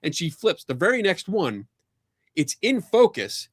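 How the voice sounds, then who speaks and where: A man hosting a podcast, telling a casual anecdote, animated and laughing often, acting out other people's lines. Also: sits high, unhurried, breathy edge, no echo, clean studio sound. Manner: animated storyteller, laughs often, acts out quotes. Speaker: podcast host.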